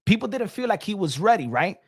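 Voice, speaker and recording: A man's voice: high-pitched, very animated, a little fast, husky. A man hosting a boxing livestream, talking casually and animatedly, switching between English and Spanish and repeating himself.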